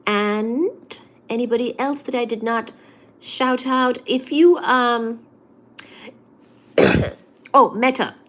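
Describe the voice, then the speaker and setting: A woman hosting a casual livestream, greeting viewers one by one by name and answering chat in a soft-spoken way with frequent ums. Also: on the high side, slow, long pauses. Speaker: livestream host reading chat.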